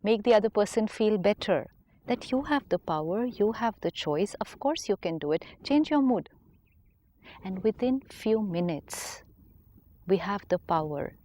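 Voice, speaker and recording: A woman, a spiritual teacher calmly explaining ideas on a counselling talk show. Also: medium pitch. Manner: calm, explanatory, acts out inner dialogue.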